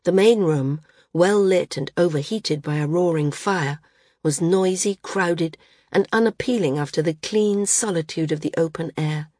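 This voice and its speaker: A woman reads a novel aloud in a measured way. Her voice sits a little low. The recording is close and dry. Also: a little mellow, no echo. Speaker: audiobook narrator. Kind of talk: scripted audiobook narration.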